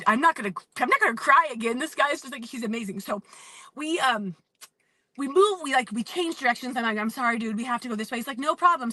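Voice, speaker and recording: A woman in her thirties telling a personal story as a motivational talk, animated and emphatic, acting out the lines of the people in it. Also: on the high side, no echo. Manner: animated, acts out quotes, emphatic. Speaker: motivational speaker. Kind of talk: storytelling monologue.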